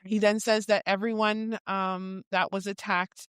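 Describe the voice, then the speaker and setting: A woman's voice: mid-range voice, flat delivery, a little slow, smooth, dry recording. A woman co-hosting a book podcast, summarizing chapters casually with quoted asides and the odd swear word. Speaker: podcast co-host.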